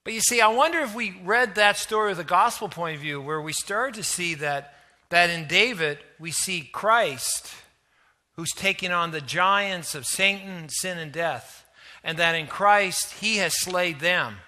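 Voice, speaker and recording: Male pastor, high and very bright voice, animated storyteller in a sermon. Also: unhurried. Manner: animated storytelling, acts out quoted lines.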